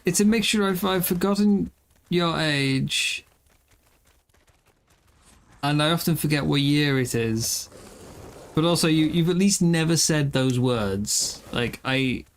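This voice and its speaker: A man's voice: a little high, slow pace, long pauses. A man in his thirties chatting casually with viewers while streaming a game. He rambles in a self-deprecating way and sounds tired after an early start. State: tired, yawning. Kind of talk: casual live-stream chat while gaming.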